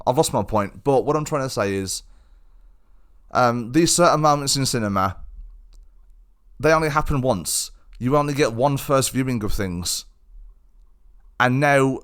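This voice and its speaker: A young man talks alone on his podcast at a mid pitch. He rambles with frustration, circling back and restarting his sentences as he vents. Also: fairly bright tone. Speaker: podcast host. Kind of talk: solo podcast monologue.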